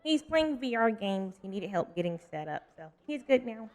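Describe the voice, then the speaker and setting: A man's voice: sits high, very animated, normal speed. A man streaming a role-playing game, rambling and joking while he chats with his viewers. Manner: rambling and joking, talks to chat. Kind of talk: casual gaming livestream commentary.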